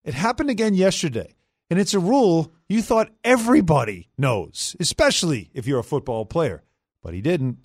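A man hosting a sports talk radio show, energetic and conversational, with his pitch swinging up and down as he talks. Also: normal speed, dry recording, clean studio sound.

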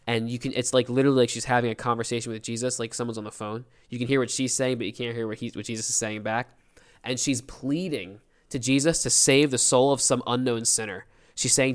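A man's voice: mid-range voice, fairly even intonation, fast, smooth. A young man co-hosting a podcast in casual chat, telling a story with energy and acting out the quotes. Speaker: podcast co-host.

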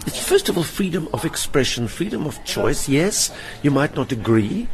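His voice is a little high and sing-song, at a normal speed, over crowd noise. An older man with a South African accent, he's a stage performer appearing as an interview guest in a hotel lounge, vividly telling personal stories and mimicking those he quotes.

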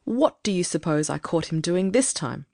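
A woman voicing a stern, irritable grown woman in an audiobook, speaking in a brisk, firm, scolding way. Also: lowish voice, expressive, creaky, dark tone, no echo, clean studio sound. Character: stern, irritable grown woman who sets strict rules. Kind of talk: audiobook character reading.

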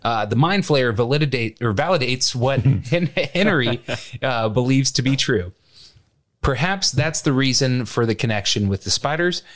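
A man co-hosting a podcast, reading a listener's email aloud at a brisk, even pace. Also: mid-range voice.

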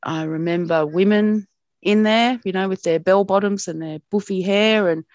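A middle-aged Australian woman, a broadcast journalist, telling stories about her past in an animated way with frequent laughs. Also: medium pitch, moderate pace, dry recording, muffled recording. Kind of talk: reminiscing in an interview.

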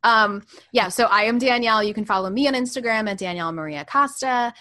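A woman's voice: fairly high pitch, fast talker, no echo. Chatty young New York woman. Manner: chatty, animated, agreeing. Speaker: radio host and podcast guest. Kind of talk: casual chat.

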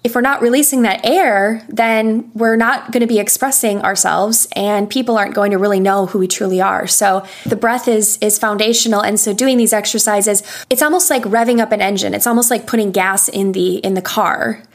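A young adult woman speaks as a voice coach in a podcast interview. Her delivery is patient and explanatory, and she takes her time to make each point clear. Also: medium pitch, steady tone, normal speed, few pauses. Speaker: voice coach and session singer. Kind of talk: instructional interview answers.

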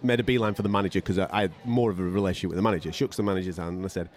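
A man telling boxing stories on a podcast in a casual way, swearing freely and mimicking the people in them. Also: low voice. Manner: animated and fast-talking. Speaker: podcast co-host, boxing radio commentator. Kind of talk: casual storytelling chat.

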